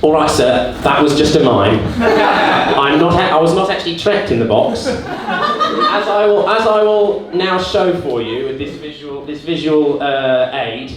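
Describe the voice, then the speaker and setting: A young man doing an awkward, deadpan in-character stand-up set, with faltering delivery and sudden squeaky put-on voices. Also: a little slow, crowd noise. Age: young adult. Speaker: student stand-up comedian. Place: student comedy club stage with audience. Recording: very echoey room, distant mic, noisy. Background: audience laughter and room ambience.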